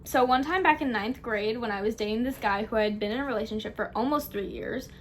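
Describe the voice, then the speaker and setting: A young woman in casual chat reading confessions aloud, giggly and animated, swearing freely. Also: a little high, quick pace, slight background noise.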